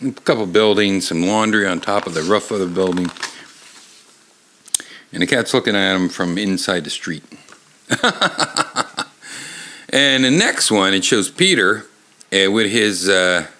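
A man's voice: low-pitched, pushed and bright. A man of fifty reading a picture book aloud, rambling and joking, with many fillers and restarts. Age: 50s. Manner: joking, halting, lots of fillers. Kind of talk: rambling read-aloud with commentary.

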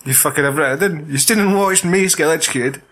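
A Scottish man in casual chat, blunt and sweary, mocking a film with quick laughs. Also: on the high side, a bit bright.

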